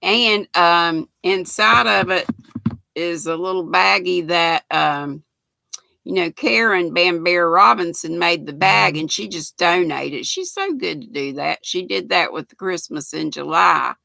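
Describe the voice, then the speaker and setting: A woman's voice: lowish voice, measured pace, creaky, pushed and bright, dry recording. A woman, hosting a casual livestream and chatting as she reads out viewer comments and greets people by name. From United States. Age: 60s. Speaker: channel host reading live chat.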